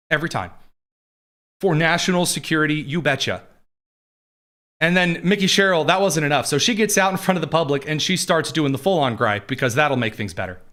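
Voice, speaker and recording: A man with a slightly higher voice than most men runs live political commentary. His delivery is sarcastic and mocking, full of dry asides. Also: a bit bright. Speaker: political show host.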